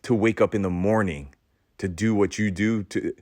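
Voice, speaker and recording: A man giving an impassioned podcast monologue in a preachy, intense way, repeating words for emphasis and swinging between loud outbursts and hushed passages. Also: on the low side, normal speed, no echo, studio quality. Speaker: podcast host.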